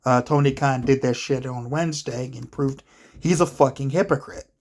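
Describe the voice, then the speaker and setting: A man with a medium-pitched, darkish voice talks to camera at a moderate pace as a wrestling commentary vlogger. His rant is casual and profane, exasperated and rambling, packed with filler words.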